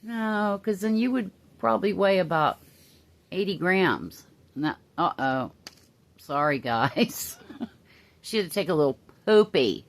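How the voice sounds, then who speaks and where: A woman chatting casually to viewers and talking to her pet bird in high sing-song baby talk. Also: expressive, measured pace. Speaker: pet vlogger. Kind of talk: casual chat to camera and pet.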